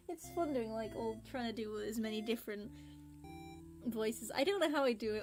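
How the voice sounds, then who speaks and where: A woman's voice: on the high side, normal speed. Giggly young woman streamer. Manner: giggly, excitable, chatty. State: voice getting tired. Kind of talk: let's play commentary and reading game text. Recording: game music underneath.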